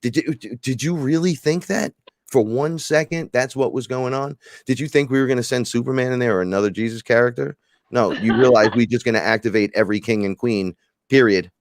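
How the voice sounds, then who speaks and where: Animated, profane man on a podcast. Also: mid-range voice, brisk, no echo, clean studio sound. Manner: animated, profane, acts out imagined dialogue. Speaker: podcast host. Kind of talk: casual spiritual chat.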